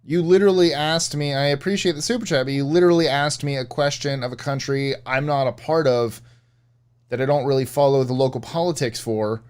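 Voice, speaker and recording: Smooth-voiced man rambling through a live stream. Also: mid-range voice, fairly quick, a little mellow. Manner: rambling, self-correcting, answering chat. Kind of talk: casual live-stream chat.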